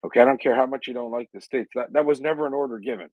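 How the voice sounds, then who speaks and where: Man, low voice, indignant, rambling with fillers, dry close sound, muffled lo-fi stream. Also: rapid-fire, no echo. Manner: rambling, with many fillers and restarts; heated and indignant. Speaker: speaker on a live audio chat space. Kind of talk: impassioned advocacy talk. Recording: dull lo-fi online audio stream.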